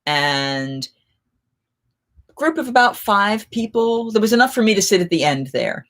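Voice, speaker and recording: A middle-aged woman, a festival performer, hosting a live chat and telling lively anecdotes in a casual way, often getting suddenly louder. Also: medium pitch, normal speed. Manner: animated, with sudden jumps in loudness.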